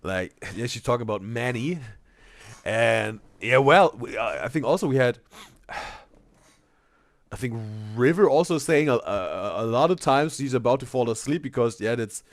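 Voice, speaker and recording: A man's voice: medium pitch, expressive, measured pace, dry recording. A man hosting a casual live-stream reaction, reading chat aloud and rambling with repeated words.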